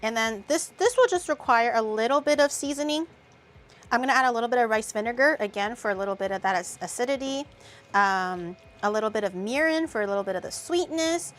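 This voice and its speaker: A woman's voice: fairly high pitch, expressive, brisk, a bit bright. A woman hosting a casual cooking tutorial, chatty and loose, with the odd crude joke. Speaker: vtuber cooking host.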